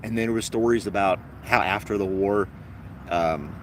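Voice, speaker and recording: A man's voice: fairly low pitch, normal speed, a bit bright, a little hiss or hum. A man hosting a casual podcast chat, rambling and wry, laughing at his own jokes. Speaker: podcast host.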